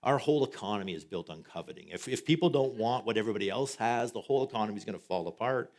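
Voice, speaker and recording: A man's voice: on the low side, expressive, rapid-fire, pitched above the performer's own voice. A man voicing an apologetic group of modern people turning down commandments in a joke.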